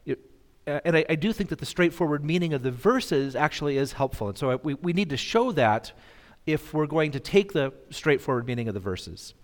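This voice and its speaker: A man teaching a bible lesson to an audience, halting and self-deprecating, with many fillers and restarts. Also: a little high, animated. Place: hall in front of an audience. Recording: long hall reverb.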